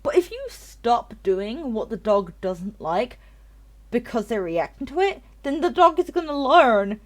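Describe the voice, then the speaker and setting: A woman's voice: fairly high pitch, big pitch swings, unhurried. A tipsy woman streamer chatting casually and ranting at length, swearing freely and repeating herself. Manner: rambling and profane, repeats herself. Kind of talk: casual chat on a live game stream.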